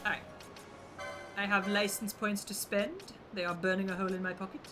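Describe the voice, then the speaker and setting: A young man with a high voice, rambling through a casual, sweary chat as he streams a game. He talks bluntly and loosely, with clear game music running underneath. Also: steady tone, brisk. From United Kingdom. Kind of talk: casual chat while gaming.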